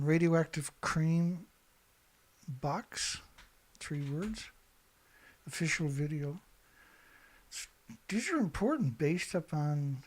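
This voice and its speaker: A middle-aged man hosting a casual livestream, rambling and chatty, clearing his throat often and swearing now and then. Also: a little high. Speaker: show host.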